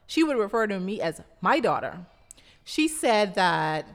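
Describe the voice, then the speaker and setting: Bahamian woman, unhurried and emphatic; preacher-like repetition, long hall reverb. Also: medium pitch, big pitch swings. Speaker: brand founder. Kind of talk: motivational talk.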